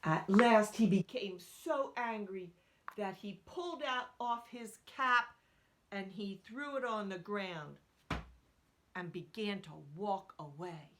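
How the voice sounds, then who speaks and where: A woman's voice: medium pitch, lively intonation, slow pace, noisy background. A woman reading a picture book aloud to children. She asks her listeners questions and drops into whispered asides.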